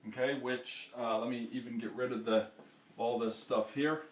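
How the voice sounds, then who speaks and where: A man's voice: medium pitch, steady tone, normal speed. A man teaching a lesson, explaining patiently step by step and often checking in with "okay?". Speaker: Spanish teacher. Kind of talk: classroom-style lesson. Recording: echoey room, mic far off.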